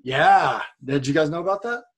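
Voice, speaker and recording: A man speaking as a guest over a video call, telling a story in an energetic, profane way and repeating words as he goes. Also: fairly high pitch, moderate pace, husky. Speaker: guest, streamer and wrestler. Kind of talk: casual storytelling chat.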